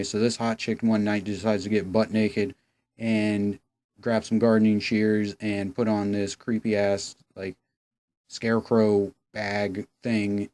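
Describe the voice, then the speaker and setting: A man's voice: fairly low pitch, darkish tone. A young man hosting a casual, sarcastic, profane episode recap. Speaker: host.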